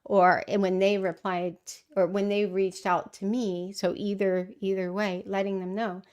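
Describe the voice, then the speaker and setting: A woman's voice: mid-range voice, little pitch movement, a little slow, darkish tone, clear, resonant tone, dull audio. A middle-aged woman hosting a casual livestream, answering viewer questions in a thoughtful way with frequent fillers and restarts. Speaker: livestream host.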